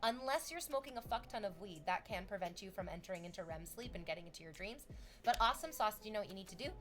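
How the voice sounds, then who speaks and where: A young woman streamer chatting casually with viewers, animated and swearing freely, her voice leaping up in excited bursts. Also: medium pitch, quick pace, faint music behind.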